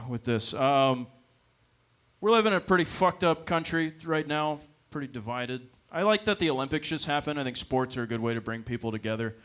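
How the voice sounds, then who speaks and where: A man's voice: medium pitch, a bit bright, clear, resonant tone. A young man telling a loose, profane stand-up story on a comedy club stage into a handheld mic.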